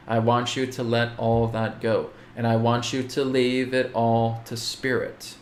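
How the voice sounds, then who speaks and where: A man's voice: medium pitch, echoey room, slight background noise. A man hosting a spiritual show, answering viewer questions in a casual, direct way, often checking in with "okay". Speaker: host.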